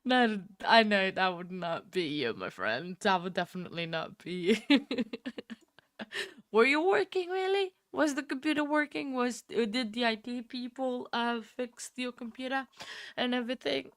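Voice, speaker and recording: A young woman hosting a livestream, chatting casually with viewers, laughing often and filling pauses with ums. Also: a little high, animated, dry recording, clean studio sound. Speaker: livestream host. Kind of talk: casual chat with live viewers.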